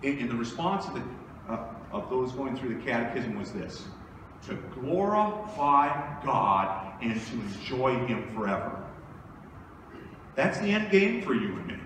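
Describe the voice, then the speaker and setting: A man's voice: on the high side, a bit bright, a little hiss or hum. A male pastor preaching a sermon in a conversational style, asking his congregation rhetorical questions. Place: church sanctuary. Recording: echoey church hall from far off.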